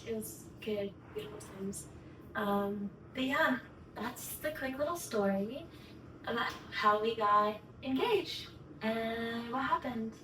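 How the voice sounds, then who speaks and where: A woman's voice: on the high side, slow pace. A young woman vlogger telling a story to camera in a gushing, chatty way, full of "like". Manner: gushing, chatty, heavy use of "like". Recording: echoey room, mic at a distance, background noise.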